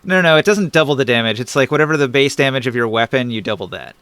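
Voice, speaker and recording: A man's voice: mid-range voice, lively intonation, fast talker, fairly bright tone, clean tone, no echo. A man narrating a tabletop game as game master, thinking aloud over rules with easy fillers.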